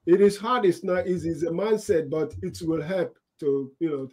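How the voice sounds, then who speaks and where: A man's voice: a little high, moderate pace, darkish tone. A man calling into a live-stream, friendly and encouraging in casual chat.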